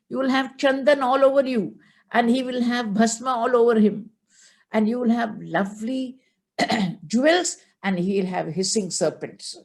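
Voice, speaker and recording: A woman's voice: medium pitch, mellow, slightly rough. A woman voicing a young male Brahmin boy who mocks and taunts in exaggerated tones.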